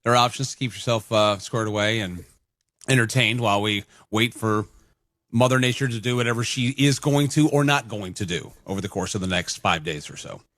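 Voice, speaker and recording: A man's voice: on the low side, fairly quick, a bit bright, no room sound, clean studio sound. A male radio co-host talking casually and reassuringly on a morning show.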